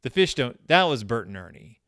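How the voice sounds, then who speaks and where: A man's voice: mid-range voice, sing-song, moderate pace, a bit bright, no room sound, studio quality. A man giving a comedic commentary on a children's book, sarcastic and exasperated, often scolding the characters directly. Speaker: book reviewer.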